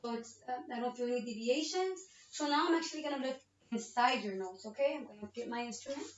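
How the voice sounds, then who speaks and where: A nursing student whose voice is a little high talks fast as she takes a patient through a physical exam, explaining steps and checking in with "okay?" time after time. This narrated demonstration was recorded via laptop webcam, with roomy, distant, muffled audio.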